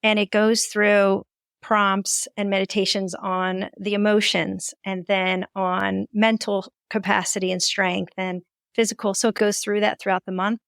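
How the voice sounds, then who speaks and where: A woman hosting a podcast, chatting quickly and warmly with her guest. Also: medium pitch, level tone, creaky, clear, resonant tone, dry recording, studio quality. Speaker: podcast host. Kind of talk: casual interview chat.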